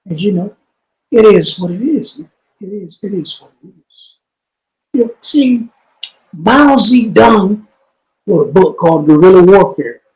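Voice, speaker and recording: High-voiced man telling a story. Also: low-quality recording. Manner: street slang, repeats himself; drops to a low, quiet voice when quoting. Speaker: interview guest. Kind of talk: storytelling in an interview.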